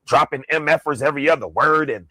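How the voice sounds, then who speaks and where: A man's voice: a little high, fast talker, pushed and bright, no room sound. A man in a played clip, ranting in a heated, mocking way and swearing heavily. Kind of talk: ranting reaction commentary.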